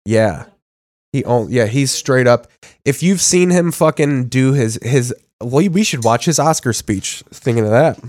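A man's voice: mid-range voice, lively intonation, measured pace, darkish tone. A male podcast host talks through a bout of covid, his voice congested. He rambles and swears in loose, joking chat. The sound is dry and close, with no room echo. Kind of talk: casual profane chat.

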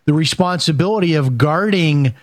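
A man's voice: fairly high pitch, normal speed, no echo, studio quality. A man hosting a talk radio show, reacting with a hesitant manner and repeated words. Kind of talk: casual talk radio chat.

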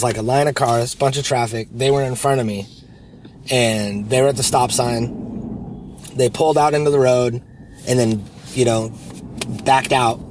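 A man talks casually on a podcast recorded inside a moving car. He tells stories with energy and throws himself into the voices of the people in them. Road noise runs clearly underneath. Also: medium pitch. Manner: animated storyteller, acts out quoted people loudly. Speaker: podcast co-host. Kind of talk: casual chat.

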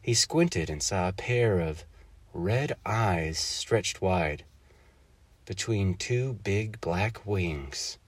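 A man's voice: low-pitched, slightly rough, no echo. A man narrating a short bedtime-tale-turned-spooky story, drawing out the suspenseful moments. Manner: dramatic, slows for suspense.

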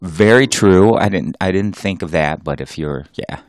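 A man's voice: low-pitched, moderate pace, dry recording, clean studio sound. A middle-aged man co-hosting a podcast, trading casual, self-mocking jokes with his co-host. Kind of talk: casual joking banter.

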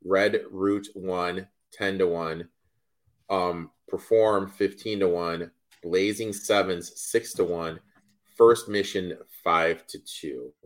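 A man's voice: deep voice, fairly even intonation, slow pace. A man hosting a sports podcast, talking casually and bluntly, cursing freely as he rants. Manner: blunt, profane ranting. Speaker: podcast host.

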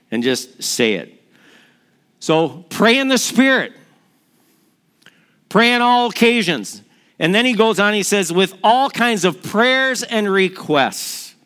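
A middle-aged man preaching a sermon in a lively, story-telling way, acting out the quotes in his stories. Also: sits high, smooth. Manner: storytelling, energetic, acts out quotes. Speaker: pastor.

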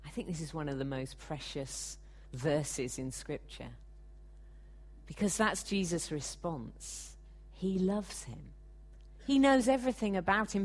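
A woman preaching a sermon, earnest and measured, sometimes acting out the people she quotes. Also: mid-range voice, a little mellow.

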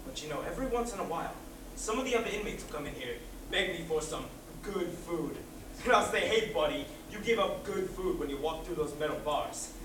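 A man's voice: on the high side, expressive, a little fast, background noise, lightly acted. A man playing a chatty prison cook who was once a poisoner, talking and singing in a stage musical. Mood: boastful. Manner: chatty, sings show tunes. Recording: echoey stage recording from far off, with music.

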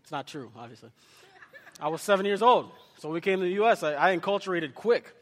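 A man's voice: high-pitched, fast talker, long reverb tail. A man preaching a sermon, born in Kenya and raised in the US with no accent, shifting between impassioned exhortation and personal storytelling. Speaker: pastor.

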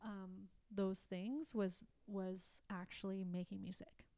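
A woman from Canada shares a heartfelt personal story, her telling halting and emotional, full of restarts. Her voice sits at an ordinary pitch and was caught close up in a dry room with no echo. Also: steady tone, mellow. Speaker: guest. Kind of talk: personal testimony in conversation.

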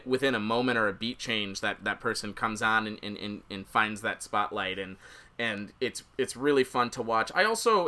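A man hosting a podcast, chatting casually about movies with many restarts and stumbles. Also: pushed and bright. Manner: rambling, many restarts, quotes scenes in a high voice. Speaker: podcast host. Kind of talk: casual film discussion.

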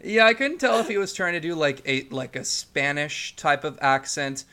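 Young male co-host, casual, bright tone, lots of laughs and restarts. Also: a little high, animated, normal speed, clear, resonant tone. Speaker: podcast co-host. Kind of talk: casual chat.

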